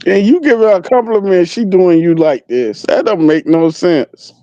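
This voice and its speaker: A man's voice: high voice, moderate pace, dark tone, no echo, highs cut off. A man chatting as a guest on a livestream, teasing and repeating his lines. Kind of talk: casual livestream chat.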